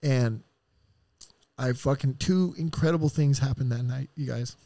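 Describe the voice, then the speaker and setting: A middle-aged man, a podcast guest, telling a painful personal story in a raw, profane and heartfelt way, with sighs and halting restarts. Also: mid-range voice, warm tone, no room sound.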